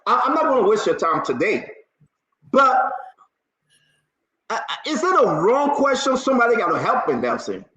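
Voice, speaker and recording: A man's voice: very high-pitched, big pitch swings, moderate pace, long pauses, sharp tone, highs cut off. A man from Liberia with a Liberian accent, hosting a casual political talk show, teasing and pushing his guest with many restarts.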